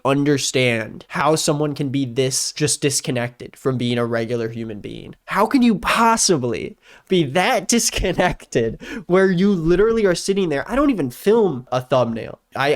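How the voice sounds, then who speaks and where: Sarcastic young man reacting to clips. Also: a little high. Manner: sarcastic and incredulous. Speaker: YouTube commentator. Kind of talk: reaction commentary.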